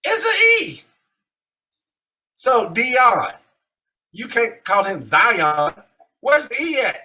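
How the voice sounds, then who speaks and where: A podcast co-host, ranting animatedly in casual sports chat with big swings in loudness. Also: male voice, extremely high pitch, wildly swooping pitch, extremely slow.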